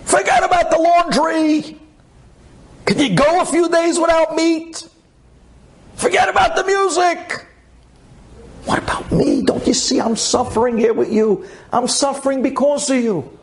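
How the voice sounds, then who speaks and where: A man voicing God as a grieving, lonely father who pleads slowly to be remembered. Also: very high-pitched, pitched above the performer's own voice. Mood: pleading. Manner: pleading, drawn-out, slow.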